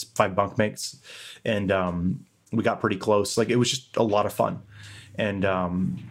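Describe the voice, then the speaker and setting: A young man co-hosting a podcast, talking candidly in a rambling way and swearing casually. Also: on the low side. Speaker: podcast co-host.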